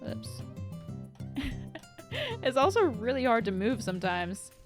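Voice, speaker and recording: A woman's voice: fairly high pitch, very animated, moderate pace, loud music behind the voice. A young woman streaming a farming game, chatting casually and thinking aloud as she plays. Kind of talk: casual gameplay commentary.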